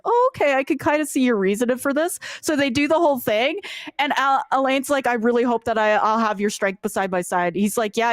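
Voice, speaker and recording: On a dry, clean studio recording, a woman with a slightly high voice co-hosts a casual chat reviewing games. She animatedly retells scenes, acts out characters' lines, and swears now and then.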